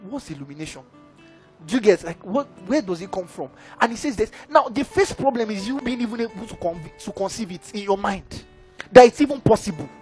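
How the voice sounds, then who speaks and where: A man preaching a sermon, who keeps checking in with his audience. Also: sits high. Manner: engaging, keeps asking the audience "are we together, guys?".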